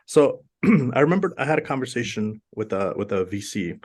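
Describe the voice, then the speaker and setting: A man's voice: fairly low pitch, animated, a little fast. A man from Afghanistan, a podcast guest in casual conversation, telling emphatic stories and often repeating words as he builds a point.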